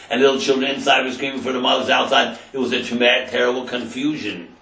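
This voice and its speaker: A man's voice: medium pitch, level tone, fast, few pauses, bright, forceful tone, roomy sound, recorded from a distance, rough recording. A man, a rabbi, telling a story in a class and translating Hebrew phrases into English with dramatic emphasis.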